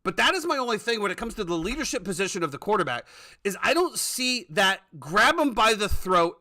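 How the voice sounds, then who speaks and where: Man, high voice, bright tone, profane ranting sports talk host. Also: sing-song, brisk. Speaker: podcast host.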